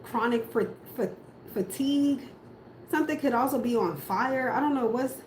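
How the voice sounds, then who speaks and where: A woman with a fairly high voice and a darkish tone speaks at normal speed during a casual tarot reading. She's blunt and reflective, thinking aloud with casual swearing, in an echoey room where background noise is audible.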